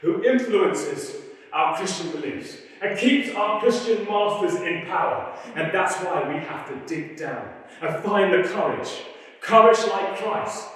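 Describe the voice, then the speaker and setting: An actor playing a defiant radical preacher, telling stories in an animated, mocking way and acting out the voices in a theatre monologue. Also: male voice, high-pitched. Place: performance hall. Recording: echoey hall, mic far off.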